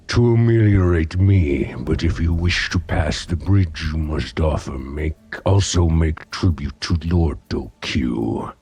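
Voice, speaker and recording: A man voicing a smug, self-important male aquatic gremlin boss who speaks slowly and grandly. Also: low voice, darkish tone, husky, voice pushed down, heavily acted. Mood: pompous. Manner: slow, pompous and self-important.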